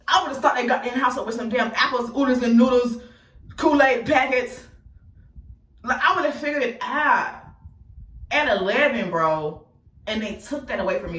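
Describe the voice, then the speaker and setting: A woman tells her own story to viewers in a blunt, profane, animated way, talking straight to the audience. Her voice sits at an ordinary middle pitch. It echoes around the room and she stands a little back from the mic. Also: recorded from a distance. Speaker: host telling her life story. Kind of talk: casual personal storytelling to viewers.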